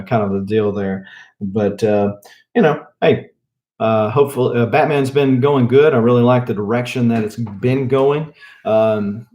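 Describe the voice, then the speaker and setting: A man's voice: mid-range voice, warm tone. A man with a Southern US accent hosting a comic book show, rambling casually with lots of fillers and wry jokes. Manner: rambling, with many fillers and restarts; opinionated and joking. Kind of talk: casual chat.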